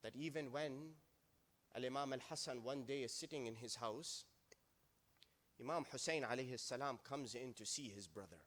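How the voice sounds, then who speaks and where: A man preaching a sermon in a mosque, impassioned, swinging between raised and hushed delivery. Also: mid-range voice, moderate pace.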